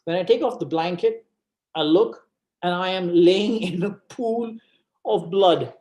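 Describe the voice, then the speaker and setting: A man tells a personal story to an audience, slowly and deliberately. His voice sits a little high, and he leans on dramatic repetition. A roomy hall echoes around him. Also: darkish tone. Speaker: guest speaker.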